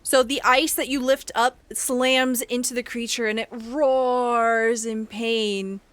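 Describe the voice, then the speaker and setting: A woman's voice: fairly high pitch, steady tone, unhurried, fairly bright tone, dry recording. A woman running a tabletop game as game master, explaining rules patiently and narrating the scene.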